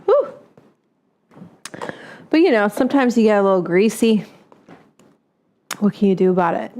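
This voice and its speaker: A woman's voice: medium pitch, lively intonation, moderate pace, mellow. A woman hosting a home cooking show in casual chat. She swears freely, keeps breaking into coughing fits, and baby-talks to her dog in her kitchen.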